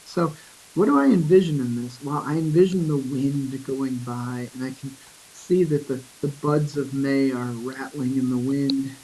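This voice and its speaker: A man teaching a poetry lesson in a screencast, thinking aloud with fillers and reading verse slowly. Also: mid-range voice, mellow, a little hiss or hum, low-quality recording.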